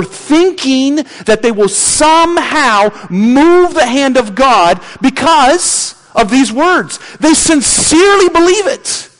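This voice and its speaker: A man preaching a sermon as a pastor, animated and mocking babbling prayers as he goes. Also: extremely high pitch, in a large hall.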